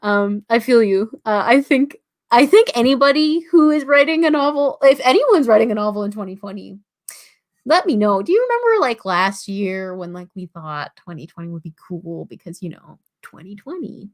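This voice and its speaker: A woman's voice: fairly high pitch, expressive, normal speed. A young woman from Toronto with a Canadian accent, hosting a casual writing livestream, chatty and full of fillers as she reads viewer comments aloud. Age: about 19.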